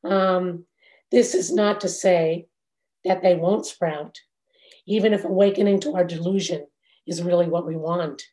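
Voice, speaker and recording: A woman meditation teacher giving a dharma talk in a measured, reflective way, with long pauses. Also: lowish voice, steady tone, warm tone.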